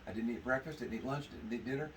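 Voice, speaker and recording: A man telling an animated story to a men's meeting, laughing as he talks. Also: medium pitch, fast, crowd noise. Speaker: testimony speaker at men's meeting. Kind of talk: casual storytelling to a group. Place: indoor meeting room. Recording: distant mic with background noise.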